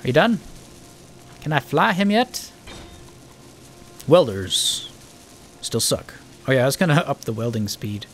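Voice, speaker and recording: A gaming channel host rambles through casual let's-play commentary on a space building game, cracking jokes at his own expense. His voice is mid-range and gravelly, with slight background noise.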